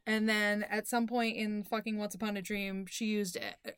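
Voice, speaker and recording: Bright, swearing woman podcast host. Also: medium pitch, normal speed, smooth, dry recording, clean studio sound. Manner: animated storytelling, swears freely. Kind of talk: casual book chat.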